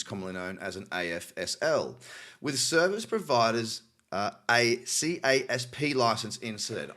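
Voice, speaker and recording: An Australian man hosts a news roundup in a casual, talkative way. His voice sits at an ordinary middle pitch, and he breaks off from reading to add wry, cynical comments. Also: sharp tone. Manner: cynical, chatty asides while reading articles. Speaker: crypto news host.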